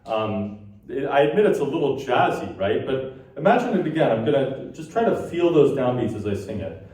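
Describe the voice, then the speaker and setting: A man's voice: medium pitch, sing-song, brisk, a little mellow. A man giving a conference lecture, explaining ideas and now and then tapping out rhythms in sung syllables. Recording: echoey hall from far off.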